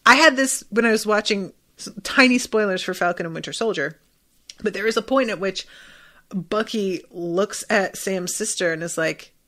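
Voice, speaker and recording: A young adult woman hosting a podcast, chatting excitedly about a TV episode, swearing freely and leaning on lots of "like" fillers. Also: medium pitch, normal speed. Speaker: podcast host. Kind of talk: casual commentary on a TV episode.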